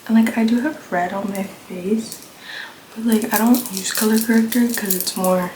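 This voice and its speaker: A young woman with a slightly hoarse voice talks offhandedly through her makeup routine, rambling and leaning on fillers. She sits at middle pitch for a woman and speaks into a phone camera. The room is echoey, with clear noise underneath. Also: steady tone, moderate pace. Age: young adult. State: slightly hoarse, coming down with a cold. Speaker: beauty vlogger. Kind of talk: casual makeup tutorial chat.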